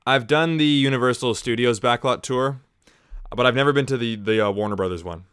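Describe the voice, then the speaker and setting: A man's voice: mid-range voice, a little fast, a bit bright, clean tone, dry recording. A young man hosting a casual movie watch-along, chatty and sarcastic, with a taste for juvenile jokes. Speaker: movie review host.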